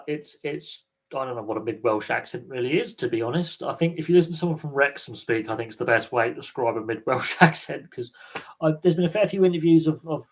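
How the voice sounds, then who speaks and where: A man chatting casually as host of a live Q&A stream. He rambles from point to point, thinking out loud with plenty of ums and restarted phrases. His voice sits at an ordinary middle pitch for a man. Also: low-quality recording. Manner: rambling, thinks aloud with many fillers and restarts. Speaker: sports livestream host.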